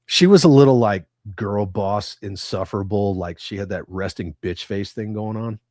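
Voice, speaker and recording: A man's voice: on the low side, moderate pace, darkish tone, no room sound, clean studio sound. A man hosting a casual livestream, reading chat comments aloud with crude, profane banter.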